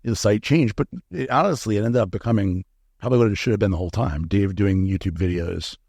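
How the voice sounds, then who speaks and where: Gravelly-voiced man telling blunt stories. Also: lowish voice, fast, a little mellow, no room sound, studio quality. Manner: candid, profane, acts out quoted dialogue. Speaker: guest, supplement company founder. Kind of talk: casual interview storytelling.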